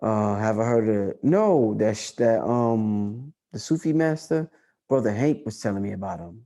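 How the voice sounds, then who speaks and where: A man hosting a casual livestream chat, talking loosely and profanely, repeating lines for emphasis and rising to excited highs. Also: unhurried. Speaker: livestream host answering chat.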